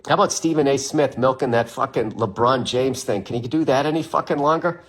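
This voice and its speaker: A man's voice: medium pitch, a little fast, slight background noise. Rambling, swearing man in casual talk. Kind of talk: casual podcast monologue.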